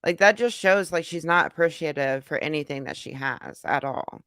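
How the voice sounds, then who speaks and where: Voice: medium pitch, normal speed, fairly bright tone, clear, resonant tone, no room sound, clean studio sound. A reaction video host commenting indignantly on a played clip and asking aloud why people behave so badly. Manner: indignant, talking back at the clip.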